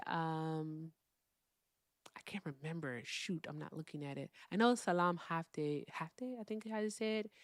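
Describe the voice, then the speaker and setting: A woman hosting a live call-in stream, chatting casually and swinging between loud remarks and hushed asides. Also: medium pitch, clean tone, no room sound, clean studio sound. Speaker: livestream host.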